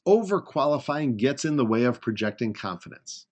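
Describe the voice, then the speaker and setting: A man's voice: medium pitch, sing-song, a little fast, hardly any pauses, a little mellow. A man presenting a recorded public speaking webinar, coaching emphatically and acting out weak and strong ways to phrase things.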